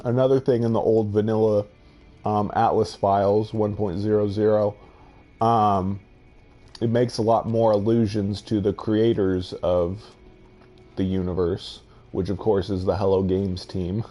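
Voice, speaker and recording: A man's voice: fairly low pitch, level tone, a little slow, warm tone. A man giving musing, hesitant commentary over his own space exploration gameplay, trailing off and restarting his thoughts. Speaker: game video host.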